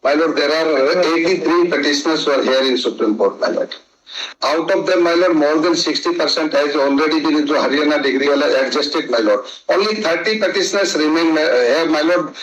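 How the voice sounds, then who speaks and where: A man pleads as a lawyer in a courtroom, deferential and persistent. His voice is slightly high. The recording sounds dull and muffled. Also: a little fast. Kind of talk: courtroom argument.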